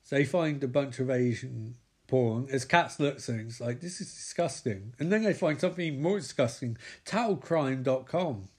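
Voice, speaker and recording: A man recapping a TV episode with sarcastic, sweary, excitable commentary. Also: medium pitch, moderate pace. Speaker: comedic TV recapper.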